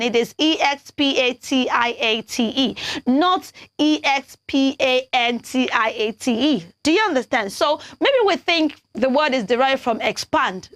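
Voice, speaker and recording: A woman's voice: fairly high pitch, a bit bright, dry recording. A young Nigerian woman presenting a children's programme, animatedly coaxing viewers as she teaches English pronunciation and spells words letter by letter.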